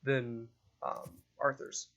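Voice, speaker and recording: A man narrating a tabletop game as game master, pausing and restarting with fillers as he describes the scene. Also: medium pitch, level tone, fairly bright tone, lo-fi sound. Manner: hesitant, halting narration with fillers.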